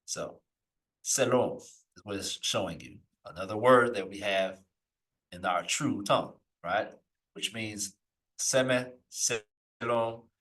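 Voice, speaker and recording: A man teaching a live lesson, reading old texts slowly aloud and then explaining them in loose, searching asides. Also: fairly low pitch, a bit bright, recorded from a distance, poor audio. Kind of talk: live recorded scripture lesson.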